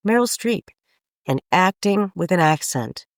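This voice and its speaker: A woman's voice: on the low side, animated, a little slow, dry recording, studio quality. A woman co-hosting a movie podcast in casual chat, talking freely and swearing, often slipping into silly voices. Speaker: podcast co-host.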